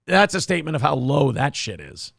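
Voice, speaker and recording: Sarcastic male talk host, slightly higher voice, gravelly, dry close studio sound. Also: sing-song, fairly quick, a bit bright, dry recording. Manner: sarcastic, mocking. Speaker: morning show host. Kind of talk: casual chat.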